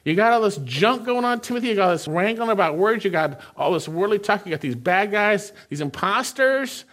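Preacher man, fairly high voice. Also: lively intonation, fairly bright tone. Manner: reads scripture slowly, then explains in a conversational way. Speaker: pastor. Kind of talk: sermon.

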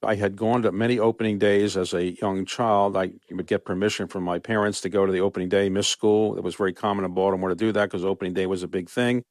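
An older man answers questions in a measured, conversational way during a radio interview. His voice sits low, and the sound is dry and close with no room around it. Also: little pitch movement, dry recording. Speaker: interview guest, team owner.

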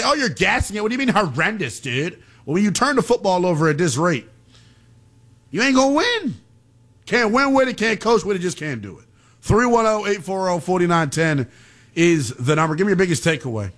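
Animated man hosting sports radio. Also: on the high side. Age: young adult. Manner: animated, ranting, slangy. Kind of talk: call-in sports radio talk.

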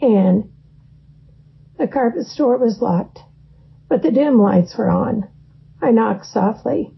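Woman narrator, slow gravelly delivery, wry first-person memoir read, muffled lo-fi sound. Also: fairly high pitch, animated, a little hiss or hum. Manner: wry, dry storytelling. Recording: dull lo-fi recording.

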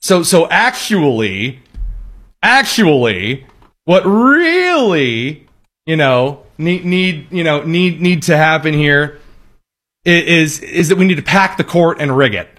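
A man's voice: on the high side, unhurried, a bit bright. A man giving opinionated political commentary, sarcastic and ranting, with frequent restarts.

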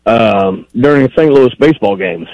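A man's voice: medium pitch, lively intonation, normal speed, no room sound. A man calling in to a radio show, rambling and pressing the host on a point. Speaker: caller. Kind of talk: phone-in call. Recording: dull lo-fi phone line.

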